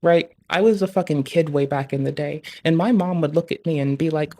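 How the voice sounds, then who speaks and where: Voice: mid-range voice, fairly even intonation, fairly quick, hardly any pauses, dark tone. A streamer venting in a casual, rambling rant, swearing constantly and filling gaps with "like" and "bruh". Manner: profane, rambling, heavy swearing; frequent filler "like" and "bruh".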